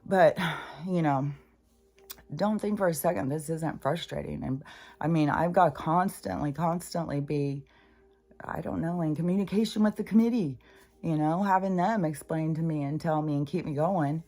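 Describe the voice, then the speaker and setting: A woman's voice: low-pitched, moderate pace, dark tone. An older woman talking in a rambling, profane, casual monologue as a spiritual channeler.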